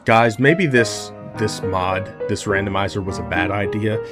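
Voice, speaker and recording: A man's voice: fairly low pitch, a little slow. A man casually commenting on a video game, joking and exasperated as he talks to the characters. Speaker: gaming video host. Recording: loud game music and chorus behind voice.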